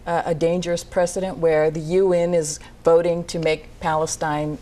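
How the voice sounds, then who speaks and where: A woman hosting a TV talk show, asking probing questions in a halting way. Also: low voice, little pitch movement, warm tone. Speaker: host.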